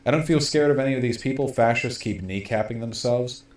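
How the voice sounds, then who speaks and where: A man's voice: mid-range voice, a little fast, a little mellow, echoey room. A man streaming political commentary, rambling and sardonic, with many fillers and restarts.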